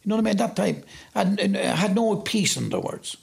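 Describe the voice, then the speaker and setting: An Irish man telling his life story in an interview, animated when he acts out what he said back then. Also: high-pitched, fairly quick. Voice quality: gravelly and husky. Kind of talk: personal testimony.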